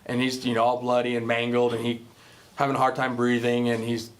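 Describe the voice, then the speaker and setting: A man talks to a Bible class in a loose, rambling way, retelling a film before drawing a spiritual lesson from it. His voice sits at an ordinary middle pitch. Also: completely flat delivery, brisk. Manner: rambling, many fillers and restarts. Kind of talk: casual retelling of a film with a moral.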